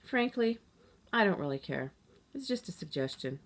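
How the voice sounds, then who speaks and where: A woman's voice: medium pitch, sing-song, normal speed. A woman voicing a bossy, dismissive older sister in a children's story, with a curt, scornful way of talking.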